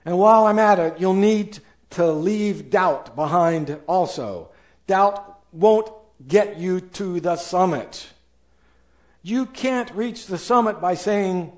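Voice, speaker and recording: A man's voice: high voice, slow pace, a little mellow. A male pastor preaching a sermon with emphasis, acting out listeners' objections in raised voices.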